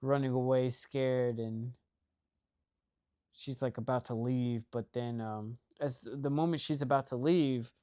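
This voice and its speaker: A young man talks through a movie plot in an easy, unscripted way. He rambles, restarts his sentences and keeps checking in with "right?". His voice sits at an ordinary middle pitch. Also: fairly even intonation, a little slow, mellow, smooth. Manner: rambling, heavy use of "like" and "right?". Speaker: movie recap host. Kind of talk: casual movie plot recap.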